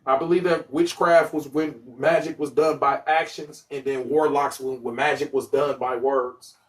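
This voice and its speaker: A man hosting a casual livestream, talking in an animated, profane, joking way that often bursts into yelling. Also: medium pitch, moderate pace. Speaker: livestream host.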